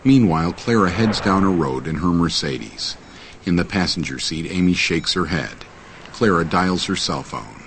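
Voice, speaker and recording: A man reading scripted audio description in an even, measured way. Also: sits low, vocal fry, slight background noise.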